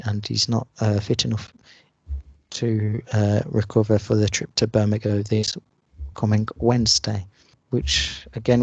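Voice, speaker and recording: A man's voice: lowish voice, vocal fry, dry recording. A man co-hosting a football podcast, running through the news with lots of hesitant "uh" fillers. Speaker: podcast co-host.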